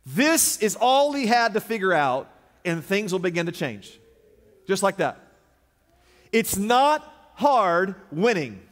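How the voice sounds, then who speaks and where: A man preaching a sermon as pastor, dramatic, swinging from loud declarations to hushed, low lines. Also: big pitch swings, slow, long pauses. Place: large church sanctuary. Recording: long reverb of a large sanctuary.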